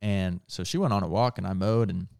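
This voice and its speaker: A man with a fairly low voice talks through a casual faith conversation in an earnest way. He often trips, restarts and corrects himself mid-thought. The sound is dry and close, with no room around it. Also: fairly quick, gravelly, darkish tone, clear, resonant tone, no echo. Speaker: podcast co-host.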